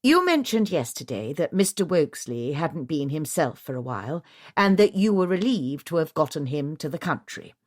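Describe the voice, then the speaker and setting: A woman voicing a discreet housekeeper who speaks quietly, gently and in a measured way. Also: low-pitched, big pitch swings. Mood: tactful. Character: discreet, tactful female housekeeper sleuth.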